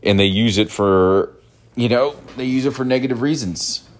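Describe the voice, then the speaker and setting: A man talking in a casual personal monologue, earnest and rambling, often repeating words and restarting his sentences. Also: normal speed. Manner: animated, jumps high when imitating cartoon voices. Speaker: mental health podcast host.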